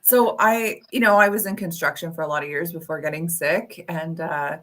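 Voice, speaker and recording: A woman's voice: low-pitched, moderate pace, fairly bright tone. A woman with a Canadian accent, hosting a talk show in a chatty, laughing way. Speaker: host. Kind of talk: casual chat.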